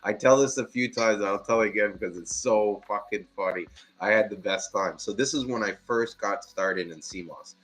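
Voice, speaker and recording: A man in casual live-stream chat, telling a story in an animated, profane way and laughing often. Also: fairly low pitch, moderate pace, few pauses.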